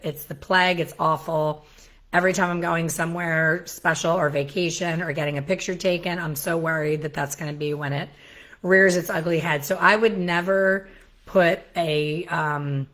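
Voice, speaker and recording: A middle-aged woman hosting a casual solo talk about hair color, chatty and self-deprecating with animated asides. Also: deep voice. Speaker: hair colorist educator, show host. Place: home in Florida.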